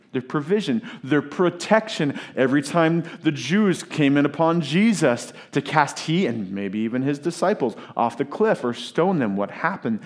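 A middle-aged man preaching a sermon, emphatic, with dramatic pauses and swings from loud to hushed. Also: a little high. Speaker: pastor.

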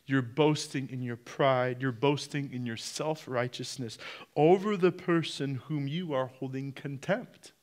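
Slow, emphatic male preacher. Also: mid-range voice. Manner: preaching with sharp rises and drops in loudness; asks the congregation direct questions. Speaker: pastor. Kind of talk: sermon.

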